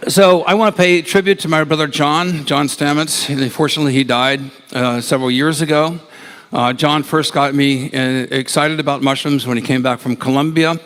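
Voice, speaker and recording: A man's voice: a little high, fairly even intonation, normal speed, a bit bright. A man from Ohio gives a talk to a large live audience, telling stories with chuckles and hesitations. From USA (Ohio). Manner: chuckling, rambling storyteller with hesitations. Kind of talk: anecdotal lecture to a live audience. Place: large lecture hall with hundreds of people. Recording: noisy live talk recording.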